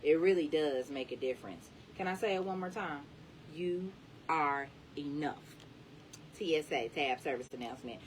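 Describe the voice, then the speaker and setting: A woman with a deep, low voice reads an inspirational book aloud, leaning hard into the words to encourage the listener. She sits a little back from the mic, and a faint low rumble runs underneath. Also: animated, fast talker, few pauses, a little mellow, recorded from a distance, low-quality recording. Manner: emphatic, encouraging delivery. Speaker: reader.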